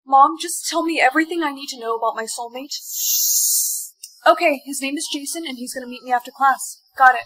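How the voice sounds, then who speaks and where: A woman's voice: high voice, brisk, fairly bright tone, rough recording. A woman playing a sassy, feisty young woman in a TikTok POV skit, with snappy, sarcastic comebacks.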